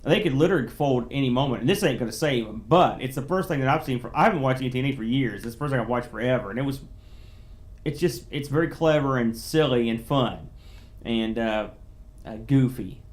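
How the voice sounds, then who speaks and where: A man's voice: mid-range voice, a little fast. Rambling man co-hosting a podcast. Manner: rambling, restarts often, explains at length. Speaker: podcast co-host. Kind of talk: casual chat.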